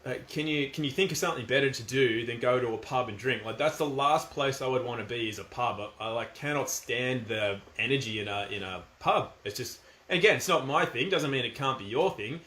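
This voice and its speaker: A man's voice: mid-range voice, fairly quick, bright, forceful tone. A middle-aged man with an Australian accent, talking in a casual, firm and emphatic monologue. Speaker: commentator. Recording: echoey room.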